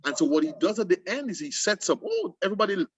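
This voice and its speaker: A man with a lilt hosts a casual poetry chat aimed at students, and he explains with animated, emphatic bursts and restarts. His voice sits a little higher than most men's, and the sound is dry and close. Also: quick pace, husky, no room sound, dull audio. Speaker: host. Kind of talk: casual literary discussion for students.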